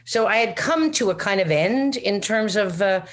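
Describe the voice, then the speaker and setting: A woman's voice: medium pitch, animated, normal speed. An older woman with a Newfoundland accent, a comedic actor chatting as an interview guest, rambling and self-deprecating. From Newfoundland, Canada. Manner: rambling, self-deprecating, full of "you know what I mean". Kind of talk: casual interview chat.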